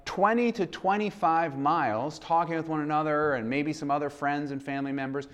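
A man preaching a sermon in a conversational, earnest way. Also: on the high side. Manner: conversational, earnest, acts out quoted dialogue. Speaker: pastor.

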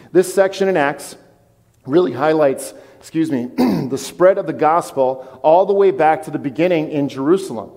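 A man preaching a sermon as pastor, animated and conversational with his congregation. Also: fairly high pitch, in a large hall. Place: church.

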